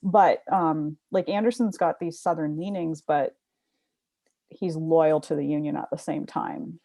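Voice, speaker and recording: A woman with a Canadian accent co-hosting a casual history chat, blunt and quick to swear. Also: low voice, steady tone, creaky, mellow. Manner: blunt, swears freely, self-mocking. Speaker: podcast co-host.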